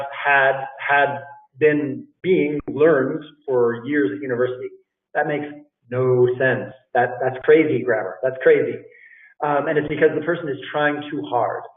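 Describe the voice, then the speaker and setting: A middle-aged man, an English teacher, giving casual interview tips to learners, repeating phrases and calling his listeners "guys". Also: medium pitch. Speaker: English teacher and language school director. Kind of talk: live talk on job interview tips. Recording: echoey room, distant tinny phone-like sound.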